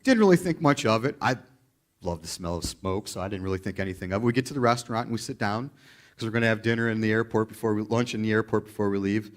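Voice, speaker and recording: A man preaching a sermon as a pastor, in an animated, chatty storytelling way. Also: lowish voice, fast.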